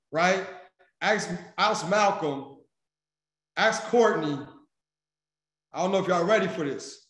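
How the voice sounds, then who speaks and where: A man giving a motivational speech to his sales team, emphatic and preachy. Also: on the high side. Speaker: senior vice president and sales mentor. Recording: echoey room.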